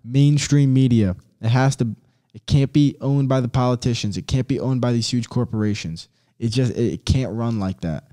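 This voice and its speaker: A man's voice: medium pitch, moderate pace, dark tone. A man hosting a podcast alone, giving a casual rant in a blunt, fired-up way, swearing and using slang. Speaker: podcast host.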